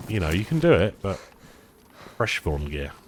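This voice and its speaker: A man's voice: low-pitched, big pitch swings, normal speed, slight background noise. A man chatting casually to viewers while playing a survival game, self-deprecating and rambling. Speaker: streamer. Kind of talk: casual gameplay commentary.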